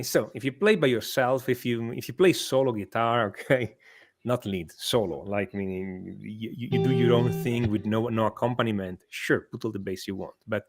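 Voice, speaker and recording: A man who is a guest guitar teacher, explaining guitar sound with frequent laughs and lots of "okay"s, talking from a small home studio. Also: medium pitch. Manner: explanatory, laughs often, with many okays. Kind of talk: casual chat.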